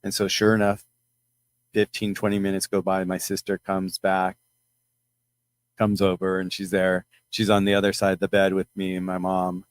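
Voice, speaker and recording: A middle-aged man telling a personal story to his followers in a rambling, halting way, with many restarts. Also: sits low, monotone, clear, resonant tone, dry recording. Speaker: channel host.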